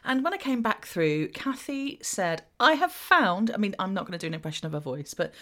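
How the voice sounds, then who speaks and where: A woman from southern England co-hosts a podcast, trading playful, self-mocking banter in casual comedic chat. Her lowish voice is expressive and quick.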